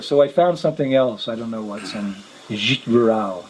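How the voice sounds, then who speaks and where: A man, a monk, telling a personal story in a lecture at a middling pitch. He talks lively and acts out each quoted line as he retells it, over a faint hiss. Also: normal speed, poor audio. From United States.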